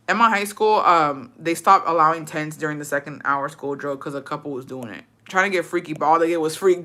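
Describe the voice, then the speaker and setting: A woman in her thirties tells a story live to her viewers and reads their comments as she goes. Her voice is bright and forward. She is blunt and slangy, swears constantly, and slips into Spanish here and there. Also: low-pitched, fairly even intonation, a little fast, few pauses. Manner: profane, blunt, slangy, switches into Spanish words. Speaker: livestreamer. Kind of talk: casual storytelling on a livestream, reading comments.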